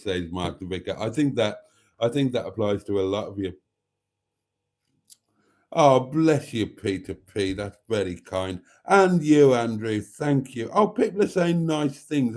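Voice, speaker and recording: A man's voice: fairly low pitch, sing-song, a little slow, darkish tone. Chatty man reading out live comments. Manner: chatty and camp, reads viewer comments aloud. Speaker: live stream host. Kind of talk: late-night live stream chat reading comments.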